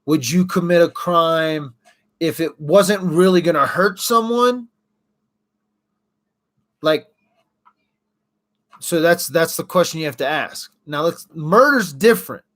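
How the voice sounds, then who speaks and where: A man's voice: on the high side, slow pace, pauses often, fairly bright tone. Chatty man hosting a livestream. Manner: chatty, reacting to viewer comments. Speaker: livestream host. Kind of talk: casual livestream chat.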